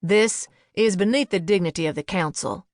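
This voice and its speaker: A woman's voice: mid-range voice, normal speed, no echo, clean studio sound, close to an everyday voice. A woman voicing a theatrical, indignant man with a flair for drama. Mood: exasperated. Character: dramatic exasperated man, former TV star.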